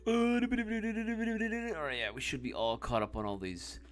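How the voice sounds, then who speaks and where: A man in his thirties hangs out casually on a live stream, reading the chat, laughing a lot, and calling people "bro" and "dude." His voice is high-pitched and steady in tone, and he speaks slowly.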